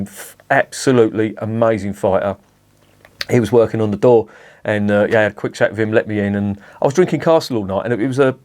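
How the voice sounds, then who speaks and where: A middle-aged man talks through a beer review at a mid-range pitch. He rambles, restarts his sentences and drops swear words in as he goes. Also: darkish tone. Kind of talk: casual rambling monologue.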